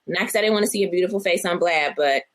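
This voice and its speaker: Chatty low-voiced woman co-host. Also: very fast. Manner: chatty, acts out her own thoughts in quotes. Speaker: podcast co-host. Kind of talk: casual chat.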